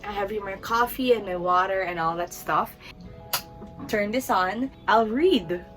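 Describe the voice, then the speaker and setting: A young woman from the Philippines talks to camera in casual reading-vlog updates, chatty and self-deprecating. Her voice sits at an ordinary middle pitch, with soft music playing faintly behind her. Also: unhurried, rough recording. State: sniffly from allergies. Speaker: book vlogger.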